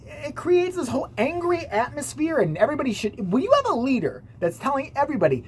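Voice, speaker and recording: A woman's voice: high-pitched, sing-song, fast, hardly any pauses, slight background noise. Sarcastic foul-mouthed woman vlogger. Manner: sarcastic, swears a lot. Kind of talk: casual profane commentary.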